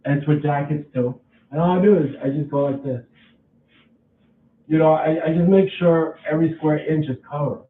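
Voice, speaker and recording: A man's voice: on the high side, roomy sound, distant mic, phone-quality sound, slight background noise. A man casually vlogging at home, rambling and restarting his sentences as he talks through a chore. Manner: rambling, repeats himself, halting restarts.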